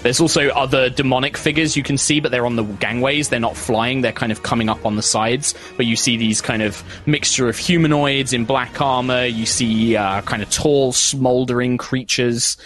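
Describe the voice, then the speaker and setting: A man's voice: medium pitch, steady tone, moderate pace, few pauses, a bit bright, soft background music. A man narrating as game master of a tabletop game, rambling with many fillers and restarts.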